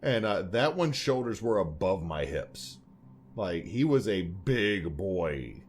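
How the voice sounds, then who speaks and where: A man's voice: low-pitched, big pitch swings, slow, slight background noise. Rambling joking man on a podcast. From Louisiana. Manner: rambling, joking, puts on silly voices. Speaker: podcast co-host. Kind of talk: casual chat.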